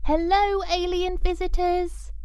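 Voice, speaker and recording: A woman voicing a curious, eager young girl in a storybook reading, bright and excited. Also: high voice, slow, no room sound, pitched above the performer's own voice. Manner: bright, excited and wide-eyed.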